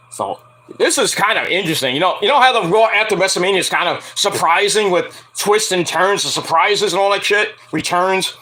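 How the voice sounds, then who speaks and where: A man casually reviewing a wrestling show, animated, laughing often and swearing freely as he mocks what he watched. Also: high voice. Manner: animated, laughing often, profane, playfully mocking. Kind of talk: casual reaction commentary.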